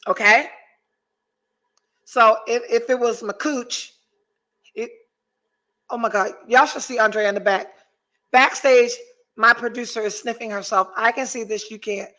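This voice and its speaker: A podcast host with a slightly high, pushed, bright voice talks casually, reading viewer comments from the live chat while telling a story full of swearing.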